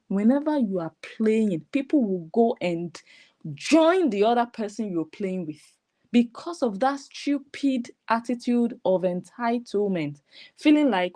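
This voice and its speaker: A woman's voice: fairly high pitch, mellow. A woman, giving mocking, scolding reaction commentary on clips she plays. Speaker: online commentator.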